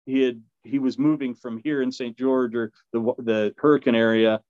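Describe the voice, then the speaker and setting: A man at a middle pitch recounts a story as a guest, rambling through fillers, restarts and quick laughs. The recording is dull and low-fidelity, with a dry, close sound. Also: steady tone, darkish tone, no echo. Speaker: podcast guest. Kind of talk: casual storytelling.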